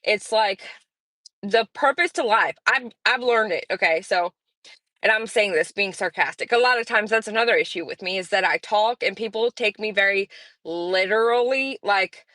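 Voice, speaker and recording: A woman's voice: mid-range voice, moderate pace, pushed and bright, no echo. Woman in her 40s as a chatty livestream host, sarcastic and rambling, dry close mic. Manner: blunt and sarcastic, rambling with fillers. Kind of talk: casual chat.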